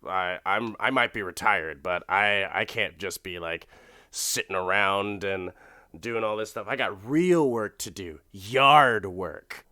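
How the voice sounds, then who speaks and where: A man doing a gruff grumpy retiree. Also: lowish voice, slow pace, pushed and bright, no echo, studio quality. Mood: grumbling. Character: grumpy retired husband, gruff and set in his ways.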